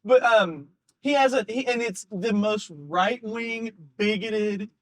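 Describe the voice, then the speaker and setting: A man, a comedian, telling an animated, rambling story in casual podcast chat, laughing often. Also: sits high, slow pace, no echo. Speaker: comedian guest.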